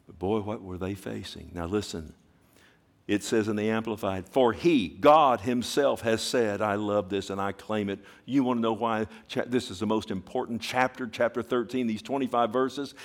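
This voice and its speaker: A man's voice: on the low side, normal speed. Impassioned male preacher. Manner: impassioned, swings from hushed to loud; asks the congregation questions. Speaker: pastor. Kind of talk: sermon.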